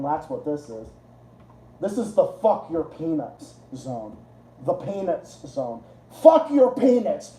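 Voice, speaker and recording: A man's voice: high voice, dark tone. A man hosting a casual livestream, rambling and swearing, often laughing at his own jokes. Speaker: livestream host. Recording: roomy echo.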